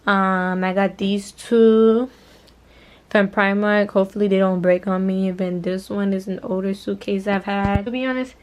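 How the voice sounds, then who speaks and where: A woman's voice: mid-range voice, little pitch movement, normal speed, poor audio. A young adult woman chatting casually to her viewers in a vlog, rambling and addressing them as y'all, from her bedroom. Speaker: vlogger.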